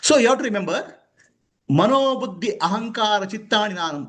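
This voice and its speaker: Male spiritual teacher, high and animated voice, emphatic with frequent chuckles, quizzes his listeners. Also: fairly quick. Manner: emphatic, questioning, chuckling often. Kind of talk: spiritual discourse to students.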